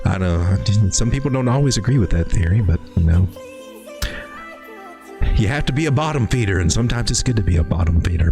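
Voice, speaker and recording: Low-voiced man rambling through crypto charts. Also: expressive, a little fast, gravelly, music in the background. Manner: folksy and rambling, with lots of restarts. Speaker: crypto live stream host. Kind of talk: casual live market commentary.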